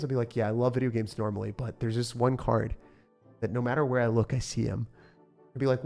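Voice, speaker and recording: A young man streaming a game live, reacting loudly and then mumbling low as he talks through decks. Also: quick pace, creaky. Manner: excitable, swings from shouting to low mumbling. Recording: faint music behind.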